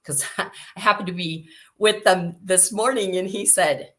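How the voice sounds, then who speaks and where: Bright-toned woman in her sixties. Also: on the low side, a little slow. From Chicago, USA. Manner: animated storyteller who acts out quoted voices. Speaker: guest. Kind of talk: casual storytelling interview.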